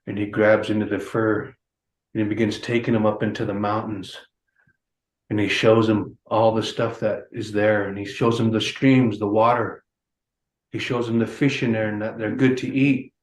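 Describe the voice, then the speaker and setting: A man telling a traditional animal story as guest speaker, in a measured, repeating storyteller cadence. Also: on the low side, little pitch movement. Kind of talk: oral storytelling. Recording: roomy echo.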